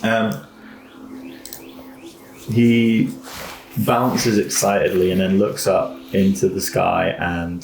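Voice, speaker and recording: Low-voiced male dungeon master, casual narration, echoey room. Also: slow, vocal fry, long pauses. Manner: relaxed descriptive narration with fillers like "like". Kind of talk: narrating a tabletop game. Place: rented lodge room. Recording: echoey room with faint noise.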